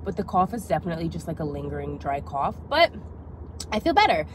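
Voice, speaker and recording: A woman's voice: sits low, lively intonation, fast, noisy background. Stuffy-nosed chatty young woman vlogging. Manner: chatty, upbeat, with many fillers. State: stuffy, congested. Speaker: lifestyle vlogger. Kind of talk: casual vlog chat to camera.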